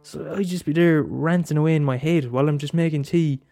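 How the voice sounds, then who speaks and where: A man's voice: fairly high pitch, fairly quick, vocal fry, warm tone, no room sound, faint music behind. A man in a rambling casual monologue, swearing often and restarting his sentences.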